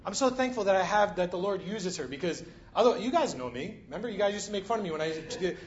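A man's voice: high voice, animated, quick pace, highs cut off. A man preaching a sermon in a conversational way, often checking in with the congregation. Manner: conversational, frequent "right?" and "you know".

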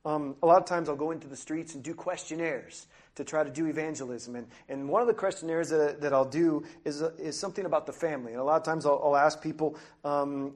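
A man preaching a sermon with an earnest, emphatic delivery, slowing down to lean on his key phrases. His speaking voice sits a little higher than most men's. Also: fairly even intonation. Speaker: missionary preacher. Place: church.

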